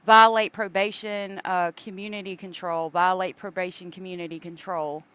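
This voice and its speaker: Woman, smooth resonant voice, matter-of-fact, casual call-in chat. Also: lowish voice, flat delivery, moderate pace, fairly bright tone. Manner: reads out details in a matter-of-fact way. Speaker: co-host.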